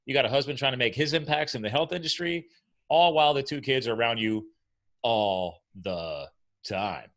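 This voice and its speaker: A man hosting a podcast interview, chatting casually and playfully, jumping up in pitch when he jokes. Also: moderate pace. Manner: animated, playful, jumps up in pitch when joking. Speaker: podcast host. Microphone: video call.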